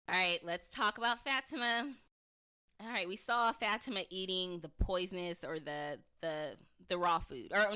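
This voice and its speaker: A young woman hosting a podcast, giving a chatty, animated spoken review and acting out lines from the episode. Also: lowish voice, smooth.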